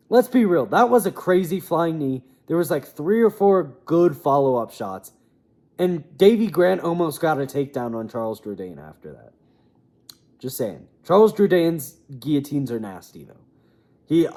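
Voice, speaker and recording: A man's voice: medium pitch, darkish tone. A young man giving a casual, rambling, opinionated recap of fight results, often trailing off into mumbles. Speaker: MMA commentator.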